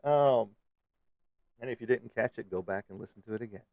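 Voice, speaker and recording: A man's voice: mid-range voice, a little fast, darkish tone, no room sound, highs cut off. A man hosting a live stream, chatting casually with viewers in a rambling, joking way with lots of fillers. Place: Kansas City area.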